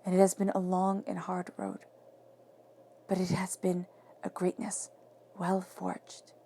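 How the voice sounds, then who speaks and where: Gravelly-voiced woman giving a tarot reading. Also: fairly low pitch, completely flat delivery, measured pace, a little hiss or hum. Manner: emphatic, affirming, often drops to soft whispers. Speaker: tarot reader.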